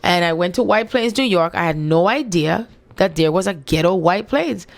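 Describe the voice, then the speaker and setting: A woman's voice: fairly low pitch, expressive, normal speed, creaky. A Jamaican woman in her forties, talking in a loose, emphatic monologue full of rhetorical questions and repeated phrases. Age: 40s. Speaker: spiritual channel host. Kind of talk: casual monologue with read-aloud passages.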